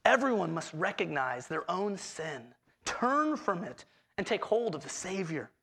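A man preaching a sermon as pastor, expressive, acting out quoted voices with swings in pitch. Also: a little slow, vocal fry, breathy edge.

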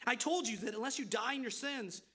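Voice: mid-range voice, fairly quick, a bit bright. A preacher teaching through scripture in an emphatic, conversational sermon, often repeating words mid-thought. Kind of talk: expository sermon.

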